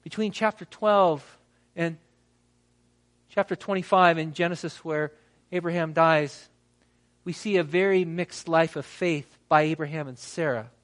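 A pastor whose voice is fairly high reads scripture during his sermon, performing the quoted lines and pausing dramatically between phrases.

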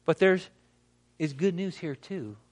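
A man with a fairly high voice preaches a sermon. He reads scripture aloud and acts out the quoted lines. He leaves dramatic pauses between phrases. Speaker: pastor.

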